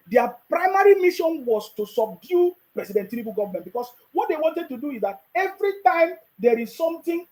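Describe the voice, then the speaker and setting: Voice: sits high, darkish tone, poor audio. A speaker with a Nigerian accent giving casual political commentary to the camera. The speaker fires off mocking rhetorical questions, chuckles between points, and keeps checking in with "you understand me?".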